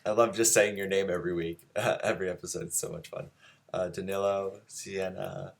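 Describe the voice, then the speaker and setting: A man's voice: sits low, flat delivery, moderate pace, gravelly. A man hosting a casual live-streamed drawing lesson, easygoing and chatty with lots of ums as he greets viewers. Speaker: drawing teacher and show host.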